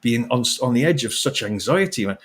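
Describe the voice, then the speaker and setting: Animated man ranting passionately. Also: mid-range voice, quick pace, breathy edge. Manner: animated ranting with swearing and laughs. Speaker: author guest. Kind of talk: impassioned interview talk.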